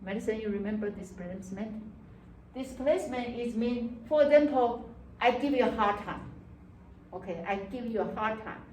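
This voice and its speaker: Animated woman lecturing in an echoey classroom. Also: fairly high pitch, normal speed, distant mic, a little hiss or hum. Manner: animated, acts out student voices, frequent "okay" and "right". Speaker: psychology lecturer.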